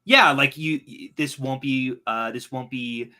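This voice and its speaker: A man in a casual political chat with a sharp, very bright tone at middling pitch. He talks in an easygoing, halting way, often restarting mid-sentence while he explains things. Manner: easygoing, hesitant, many restarts. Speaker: guest.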